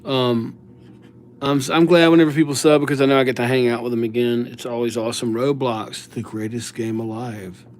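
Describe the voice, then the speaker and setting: A man's voice: mid-range voice, fairly even intonation, brisk. A middle-aged man hosting a livestream, chatting casually and greeting viewers by name with playful nicknames. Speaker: livestream host writing viewers' names.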